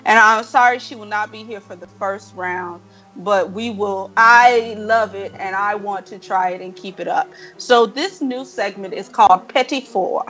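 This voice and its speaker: A woman hosting a casual podcast chat, animated and playful as she tells stories. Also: mid-range voice, measured pace, lo-fi sound, faint music behind. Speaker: podcast host.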